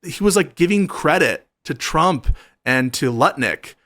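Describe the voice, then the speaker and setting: A man hosting a casual political chat, earnest and halting, often restarting his sentences. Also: fairly high pitch, animated, fairly bright tone, no echo. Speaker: show host.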